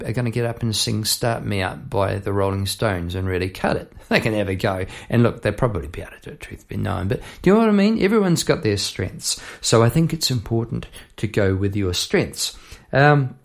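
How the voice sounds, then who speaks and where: A man's voice: medium pitch, gravelly. A man teaching songwriting at home at night, chatty and self-deprecating, stopping to sing lines from his song. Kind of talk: casual songwriting lesson at the piano.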